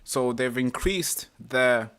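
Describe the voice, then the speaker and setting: A man hosts a live stream, working through an article and breaking off to rant about it. His voice is bright and forward, and he swears freely, loops back over his own words, and now and then puts on mocking voices. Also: mid-range voice, takes it slowly, slight background noise. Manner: ranting, swears, repeats himself, slips into mocking voices. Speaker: political commentary host.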